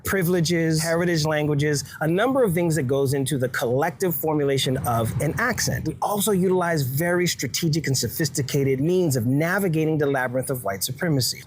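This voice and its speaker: A man's voice: on the high side, slight background noise. A man speaking as a sociolinguist, lecturing in articulate, precise prepared commentary.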